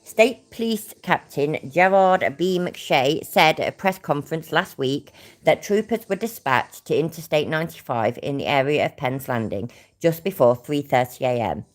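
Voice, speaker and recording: A woman with a British accent and a low voice reads out a news report and then reacts to it. She is blunt and sarcastic and swears freely. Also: animated, moderate pace. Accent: British English. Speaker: commentary channel host. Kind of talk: reacting to a news story and clip.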